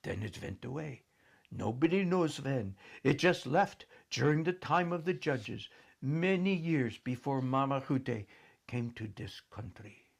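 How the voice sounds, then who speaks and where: A man voicing a fervent, theatrical old grandmother telling a story, swinging from cheers to hushed whispers. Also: mid-range voice, animated, a little slow, creaky, voice pushed up. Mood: solemn. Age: older.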